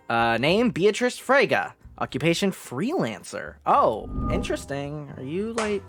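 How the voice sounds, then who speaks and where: A young woman streamer reacts to a game with lively, swooping excitement, cursing and shouting at turns. Her voice sits on the low side, with faint music playing behind her. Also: a little slow, hardly any pauses. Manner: excitable, swearing, reacting loudly. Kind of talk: live game playthrough.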